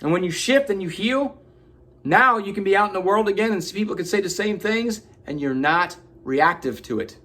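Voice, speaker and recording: A man's voice: high voice, expressive, moderate pace, fairly bright tone. A man giving an earnest, preachy motivational self-help talk, swearing casually. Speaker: motivational vlogger.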